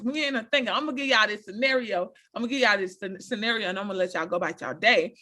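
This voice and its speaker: A woman talking casually to her viewers, giving animated, preachy advice and repeating her points. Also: medium pitch, fast talker, hardly any pauses. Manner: animated, repeats phrases, addresses viewers directly; preachy, encouraging. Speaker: motivational speaker.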